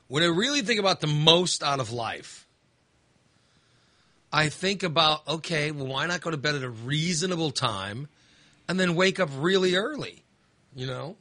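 Casting: middle-aged man, podcast co-host, rambling storyteller, bright tone, dry close sound. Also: fairly high pitch, dry recording. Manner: rambling, animated storytelling with restarts. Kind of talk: casual chat.

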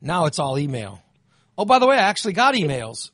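A man hosting a podcast, chatting casually and ranting with animated, profane energy. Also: on the high side, brisk, dry recording, studio quality. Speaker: podcast host.

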